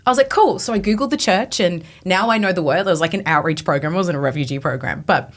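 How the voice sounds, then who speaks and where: Animated young woman telling her story. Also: on the low side, fast talker. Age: 20s. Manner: animated storytelling, acting out her own past thoughts, frequent "like". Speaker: podcast guest. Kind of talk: personal testimony in conversation.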